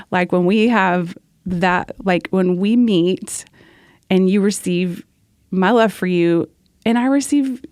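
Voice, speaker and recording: A woman's voice: mid-range voice, slow pace, a little mellow, no echo. Earnest woman guest, dry close sound. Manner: earnest, storytelling, laughs often. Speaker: guest worship leader. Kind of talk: casual podcast conversation.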